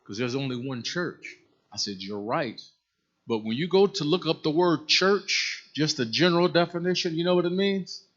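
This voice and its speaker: A man's voice: on the high side, animated, moderate pace, fairly bright tone, lo-fi sound. A man teaching a Bible study class. He tells folksy stories and asks the class questions.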